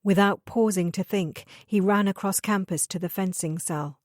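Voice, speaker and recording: A woman narrating an audiobook thriller in a measured, even storytelling manner. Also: medium pitch, dry recording, studio quality. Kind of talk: scripted narration.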